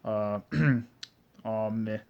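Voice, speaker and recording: Casual male reviewer, rambling recap, keeps clearing his throat, dull lo-fi sound. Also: on the low side, drawn-out words. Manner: rambling, frequent throat clearing, heavy fillers and cursing. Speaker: anime reviewer. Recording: dull lo-fi recording.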